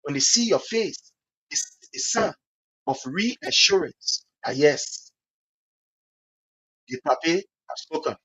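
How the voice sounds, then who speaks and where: A Liberian man giving impassioned political commentary in a preachy, repetitive way, acting out other people's words in quick asides. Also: fairly high pitch, lively intonation, bright, forceful tone, breathy edge, dull audio.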